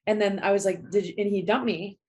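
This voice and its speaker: Woman cohost on a chatty podcast, lively reactions. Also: mid-range voice, fast. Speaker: podcast co-host. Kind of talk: casual chat.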